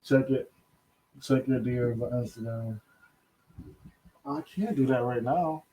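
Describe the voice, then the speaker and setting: A man's voice: medium pitch, a little slow, noisy background. Chatty man hosting a gossip show. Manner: chatty, laughing asides, reads quotes aloud. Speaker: host. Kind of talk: casual commentary on celebrity news.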